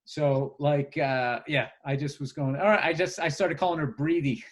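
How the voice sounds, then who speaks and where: A man co-hosting a podcast in casual chat, telling stories in an animated way, swearing and acting out what people said. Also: a little high, moderate pace. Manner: animated storyteller, swears a lot, acts out voices. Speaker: podcast co-host.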